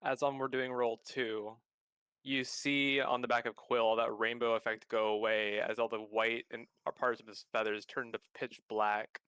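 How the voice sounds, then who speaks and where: A man's voice: mid-range voice, little pitch movement, normal speed, a bit bright, clean tone, dry recording. A man playing a tabletop game, describing his character's actions in vivid detail. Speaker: player.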